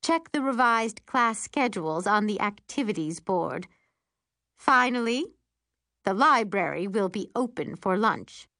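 A woman voicing a stern female school principal making formal announcements, measured and deliberate. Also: mid-range voice, lively intonation, a bit bright, no room sound, clean studio sound, voice pushed up. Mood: announcing.

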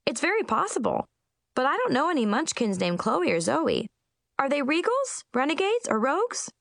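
A woman voicing a cheerful little male Munchkin schoolboy who talks eagerly and excitedly in a storybook reading. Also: high voice, normal speed, creaky, no room sound, pitched above the performer's own voice, exaggerated voice.

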